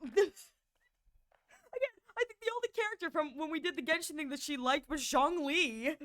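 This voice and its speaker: A young woman streamer chatting casually and telling animated stories to her viewers, often laughing. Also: sits high, moderate pace. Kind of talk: casual livestream chat.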